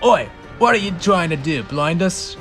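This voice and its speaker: A man's voice: fairly high pitch, expressive, normal speed, faint music behind, lightly acted. A man voicing a skeptical, blustery father spider.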